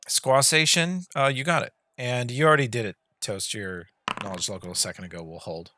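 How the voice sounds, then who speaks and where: A man's voice: mid-range voice, a little fast, pushed and bright, dry recording. A man acting as game master, casually narrating scenes and rulings to players in an online tabletop game. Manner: casual, descriptive scene-setting with fillers.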